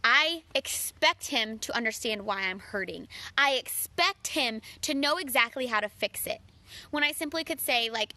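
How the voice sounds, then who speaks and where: A woman with a high, bright voice gives earnest relationship advice in a casual talk straight to camera. She calls her listeners friends and slips into playful voices for her own quoted lines. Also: moderate pace, dry recording.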